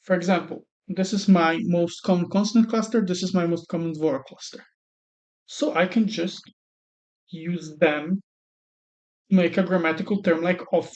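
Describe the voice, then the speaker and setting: A man's voice: high voice, fairly even intonation, moderate pace, darkish tone. Man thinking aloud over dice rolls. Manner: thinks aloud while rolling dice, counts numbers under his breath. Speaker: tutorial creator. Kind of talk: screen-recorded tutorial narration. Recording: slightly dull lo-fi sound.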